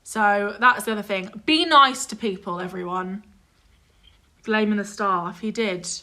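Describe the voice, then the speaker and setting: A young woman telling a story in casual chat, animated and exasperated, swearing freely and mimicking others. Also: mid-range voice, measured pace. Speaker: vlog guest telling a story.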